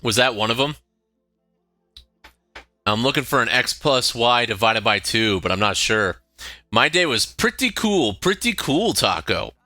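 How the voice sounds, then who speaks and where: A man's voice: mid-range voice, big pitch swings, unhurried, long pauses, sharp tone, dry recording, soft background music. A young man chatting casually on a live stream, rambling and laughing often.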